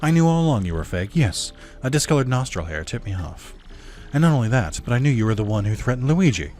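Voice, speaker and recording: Guy putting on a pompous know-it-all game detective, smug and slow. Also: mid-range voice, sing-song, darkish tone, faint music behind, lightly acted. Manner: pompous, drawn-out deductions. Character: pompous self-assured male detective.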